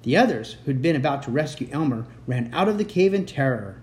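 A man reading a children's chapter book aloud as a bedtime story, with expressive narration. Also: mid-range voice, a little fast.

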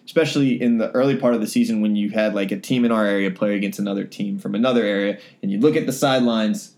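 A man's voice: on the low side, steady tone, quick pace, a little mellow. A young man co-hosting a casual sports podcast, rambling with many fillers and restarts. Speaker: sports reporter and podcast co-host.

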